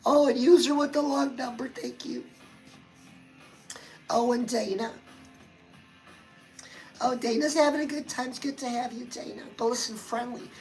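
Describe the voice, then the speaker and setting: A woman's voice: a little high, steady tone, moderate pace, long pauses, darkish tone, faint music behind, rough recording. A woman hosting a chatty motivational livestream, talking straight to her viewers and calling them girl. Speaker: livestream host.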